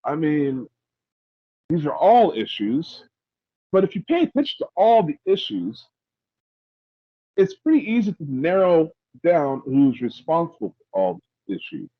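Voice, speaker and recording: A man hosting a podcast, chatting casually in a rambling, halting way with many restarts. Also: on the high side, sing-song, dry recording, muffled recording. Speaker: podcast host. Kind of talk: casual opinionated chat.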